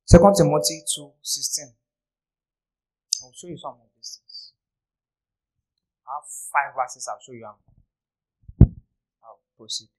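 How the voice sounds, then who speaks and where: High-voiced preacher scolding loudly. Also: male voice, unhurried, long pauses, dry recording, poor audio. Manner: storytelling, scolding, bursts into loud exclamations. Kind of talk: sermon.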